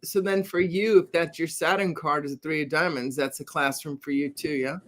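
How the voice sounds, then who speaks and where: Casting: lively speaker, medium pitch, casual talk, acts out quotes while telling stories. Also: brisk, slight background noise. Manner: animated storyteller, acts out quotes. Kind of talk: casual group chat.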